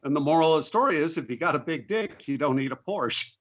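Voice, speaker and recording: A man's voice: on the high side, expressive, fast talker, heavy background noise. A man guesting on a podcast, chatting casually and telling jokes playfully. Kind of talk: casual chat.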